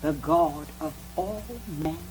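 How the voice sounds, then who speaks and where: A woman minister ministering and praying aloud on a TV program, fervent and deliberate, with soft music behind her. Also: deep voice, noisy background. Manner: fervent, slow and deliberate, preacherly. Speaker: Christian minister.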